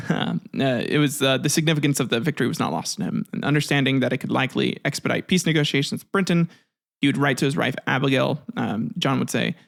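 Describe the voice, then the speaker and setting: Gravelly man casually narrating history. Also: mid-range voice. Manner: offhand, joking, swears, restarts words. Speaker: history video host.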